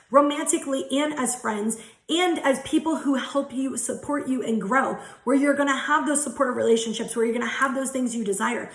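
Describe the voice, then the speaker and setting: A woman's voice: a little high, roomy sound, low-quality recording. Candid, cursing woman tarot reader. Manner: candid, frequent swearing, earnest. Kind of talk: casual spiritual talk to viewers.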